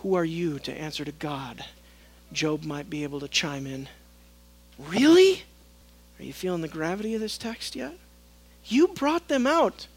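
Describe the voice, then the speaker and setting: A pastor preaching a sermon, swinging between loud emphatic passages and hushed low tones, acting out the voices of the people in his text. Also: fairly quick, gravelly, husky, low-quality recording. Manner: acts out quoted voices of God and Moses.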